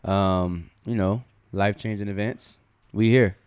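A man's voice: lowish voice, fairly even intonation, unhurried, darkish tone, smooth, dry recording. A man co-hosting a casual podcast, teasing and joking in banter. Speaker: podcast co-host. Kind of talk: casual chat.

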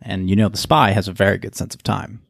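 A man with a low, gravelly voice recaps the chapters for his co-host in loose, profane chat. He slips into quick impressions of the characters as he retells. The sound is close and dry. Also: dry recording. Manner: animated retelling, acts out characters' lines, swears, laughs. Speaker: podcast co-host. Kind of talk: casual book-discussion chat.

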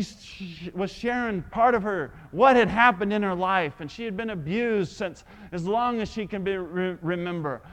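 A male preacher telling a story in a sermon, swinging dramatically between hushed and loud. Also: high-pitched.

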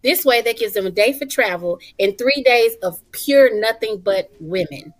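A woman in her thirties, a mother, talking as a guest in a casual talk show, animated and emphatic with folksy endearments. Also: on the high side, normal speed. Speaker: guest, mother and retreat organizer.

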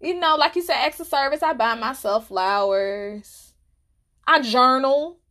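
Soft-spoken earnest woman, slow delivery. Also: high voice. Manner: earnest and emotional, drops to near whispers. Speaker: podcast host. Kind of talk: reflective monologue.

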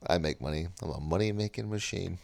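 A man's voice: sits low, fast talker, vocal fry, darkish tone. A man chiming in with dry jokes during a casual chat with his partner. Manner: dry joking interjections.

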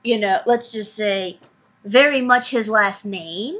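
Female co-host, unhurried delivery, deadpan wit in casual chat. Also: mid-range voice. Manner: dry, wry, unhurried quips. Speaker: podcast co-host.

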